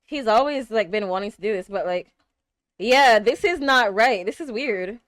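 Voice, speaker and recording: A young woman reacting to an anime episode, exclaiming and gasping, swinging between hushed murmurs and loud outbursts. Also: on the high side, animated, normal speed, dry recording. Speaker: reaction streamer.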